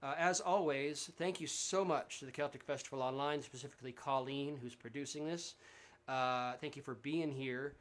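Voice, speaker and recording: Through a livestream setup, a man with a mid-range voice at normal speed chats casually between songs of his home concert. This Central Texas singer-songwriter rambles amiably, often restarting and using filler words.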